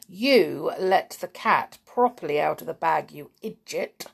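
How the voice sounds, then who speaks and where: Woman narrator as teasing schoolboy brother, blunt, creaky undertone. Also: low voice, lively intonation, measured pace, full character voice.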